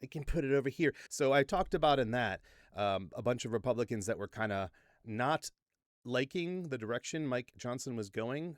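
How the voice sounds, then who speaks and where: A man's voice: lowish voice, no echo, studio quality. A man hosting a casual political commentary vlog from a home green-screen setup, goofy and rambling, joking at his own expense. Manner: goofy, rambling, self-deprecating.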